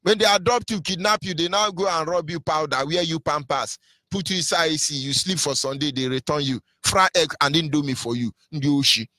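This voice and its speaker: A man's voice: fairly high pitch, fairly quick, sharp tone, dry recording, studio quality. A man with a Nigerian accent giving an impassioned live radio monologue, scornful and mocking, slipping into Igbo phrases. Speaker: radio broadcaster.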